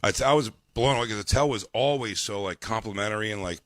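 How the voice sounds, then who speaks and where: A man's voice: on the low side, fast, a bit bright, no echo. A man co-hosting a comedy radio show in casual, profane chat, acting out quoted lines. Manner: loose and profane, acts out quotes.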